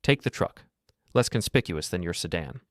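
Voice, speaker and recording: A man reading the lines of a blunt, worried friend in a storybook narration, raising his voice and pitch a little. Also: animated, normal speed, dry recording, clean studio sound. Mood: warning.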